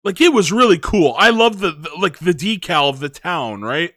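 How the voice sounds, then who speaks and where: High, bright-voiced man rambling a review. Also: animated, normal speed, no echo, studio quality. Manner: rambling, lots of filler words. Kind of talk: casual movie review chat.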